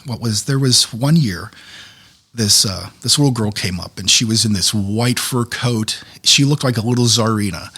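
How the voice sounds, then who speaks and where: A man's voice: on the low side, moderate pace, breathy edge. A middle-aged man with a Pittsburgh accent who works as a professional Santa, telling stories in a casual chat and acting out the voices. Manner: animated storyteller, acts out quoted voices. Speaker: professional Santa Claus, guest.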